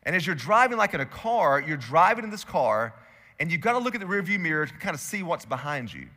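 A male pastor delivers a sermon in a bright, forceful voice. He swings between loud emphatic bursts and hushed, intimate stretches. His words ring out with the long reverb of a large church hall. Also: a little high, sing-song, fast talker.

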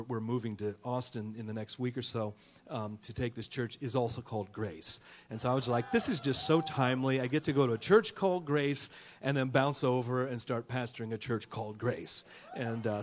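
A middle-aged male pastor preaching a lively sermon in a church, calling out to the congregation and rhyming. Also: medium pitch. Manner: fired-up preaching with call-and-response and rhymes. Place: church sanctuary.

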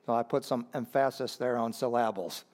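A man preaching a sermon as pastor. He drops to low, earnest asides, then climbs to loud, high emphatic peaks, repeating phrases for emphasis and calling out to the congregation. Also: fairly even intonation, brisk.

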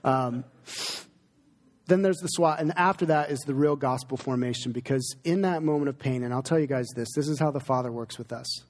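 A man's voice: medium pitch, fairly quick. Earnest man preaching in a reverberant hall. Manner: earnest, conversational, emotional in places. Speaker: pastor. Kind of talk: sermon Q&A with congregation. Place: church sanctuary.

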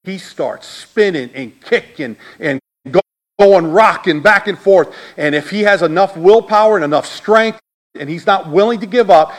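Middle-aged male pastor, sermon delivery, fairly high voice, swings from hushed lows to loud peaks. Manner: animated preaching, swinging from low and quiet to loud high shouts.

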